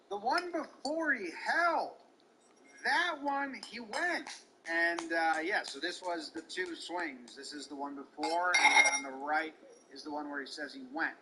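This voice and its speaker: A man's voice: on the high side, expressive, unhurried, bright, forceful tone, slight background noise, rough recording. A man giving casual, heated play-by-play of a baseball game, swearing and mocking an umpire. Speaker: baseball commentator.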